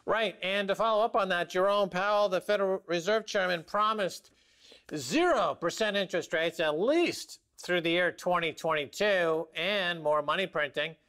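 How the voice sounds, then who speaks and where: A male host riffs on markets in a wry, joking way, laughing at his own punchlines. His voice sits somewhat high for a man. The delivery is loose and conversational. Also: moderate pace, a bit bright, clean tone. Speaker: show host. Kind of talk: casual financial talk show banter.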